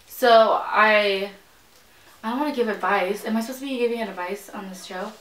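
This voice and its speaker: A woman's voice: medium pitch, moderate pace, fairly bright tone. A young adult woman hosting a vlog, chatting casually while eating, telling stories with acted-out quotes and frequent laughter. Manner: chatty storyteller, acts out quotes, laughs often. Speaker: vlog host. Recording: echoey room.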